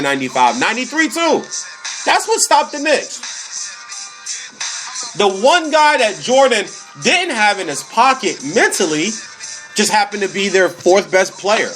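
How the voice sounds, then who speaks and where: Male podcast host, very high voice, animated slangy sports rant. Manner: animated, slangy, repeats phrases for emphasis.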